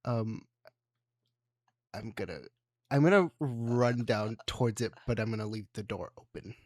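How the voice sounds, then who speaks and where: A man's voice: lowish voice, measured pace, no echo, studio quality. A man playing a tabletop game, hesitant and joking, with many fillers. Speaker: player. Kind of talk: casual tabletop play.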